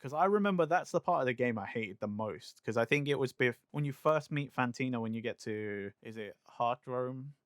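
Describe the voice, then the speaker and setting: A man's voice: medium pitch, lively intonation, no echo. Dry-miked man explaining at length. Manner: explains at length, drawn-out phrasing. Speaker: podcast co-host. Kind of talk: casual chat.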